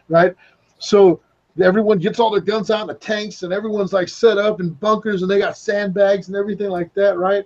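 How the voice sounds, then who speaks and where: A man's voice: sits high, little pitch movement, brisk, a little mellow, muffled recording, soft background music. A man hosting a casual podcast chat, rambling and swearing as he tells a story over an online voice call.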